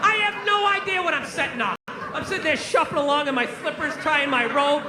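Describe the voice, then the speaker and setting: Male stand-up, exasperated profane ranter; echoey venue, loud laughing crowd. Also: extremely high pitch, brisk, background noise. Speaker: stand-up comedian. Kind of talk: stand-up routine. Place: theater stage with live audience.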